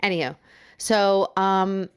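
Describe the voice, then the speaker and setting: A woman's voice: mid-range voice, steady tone, slow pace, clear, resonant tone, dry recording. A young woman co-hosting a podcast in chatty, teasing casual talk, laughing often. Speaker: podcast co-host. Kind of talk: casual chat.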